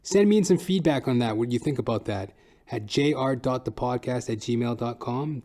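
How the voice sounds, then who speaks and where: A man's voice: normal speed, mellow. Profane rambling podcast host, man. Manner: profane, rambling, jumps into high silly voices. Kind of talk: comedic podcast monologue.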